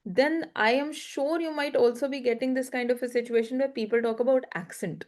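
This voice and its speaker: Woman, podcast chat, explanatory advice, fairly high voice. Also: fairly even intonation, brisk, a little mellow. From India. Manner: explanatory, advising.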